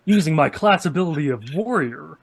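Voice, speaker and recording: A man plays a tabletop game and reads out his character's abilities. His voice is gravelly and husky, and his asides are dry. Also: fairly high pitch, lively intonation, fairly quick. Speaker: player. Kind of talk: casual tabletop play.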